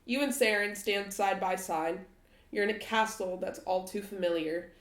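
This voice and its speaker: A woman narrating a tabletop game as game master in a measured, descriptive way. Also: medium pitch, fairly even intonation. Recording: echoey room.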